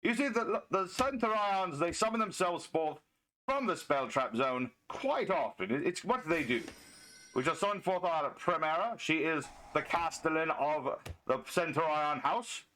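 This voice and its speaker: A man's voice: a little high, animated, measured pace, bright, forceful tone, rough recording. A man commentating a card game while playing a pompous noble knight, with theatrical archaic phrasing.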